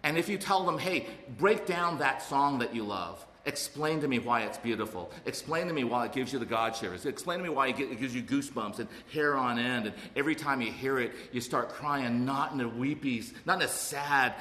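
A man's voice: mid-range voice, bright, forceful tone. A middle-aged man from Alabama, speaking earnestly to an audience about his recovery, with many restarts and acted-out voices. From Alabama, USA. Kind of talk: personal talk to an audience. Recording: echoey hall with long reverb and faint noise.

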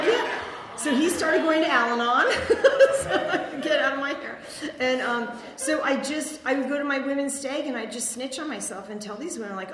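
A woman's voice: high-pitched, expressive, moderate pace, a bit bright. A middle-aged woman telling her recovery story at a meeting in a rambling, chatty way with fillers and frequent self-mocking laughs. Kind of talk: personal testimony talk. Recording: echoey hall reverb, faint noise.

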